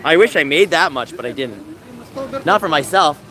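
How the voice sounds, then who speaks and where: A man livestreaming from outdoors, talking to chat in an animated, mocking, sarcastic way. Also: on the high side, moderate pace. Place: outdoors in a busy public area. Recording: outdoor street noise with passing vehicles.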